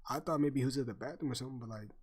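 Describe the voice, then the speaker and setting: A man's voice: medium pitch, rapid-fire, breathy edge. A young man chatting casually on stream, telling a story full of slang and swearing and laughing often.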